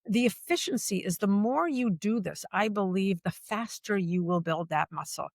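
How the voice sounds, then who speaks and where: Woman podcast guest, animated and emphatic, repeats key phrases, mid pitch, dry close sound. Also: moderate pace, dry recording. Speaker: guest, workplace culture executive. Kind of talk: conversational podcast interview.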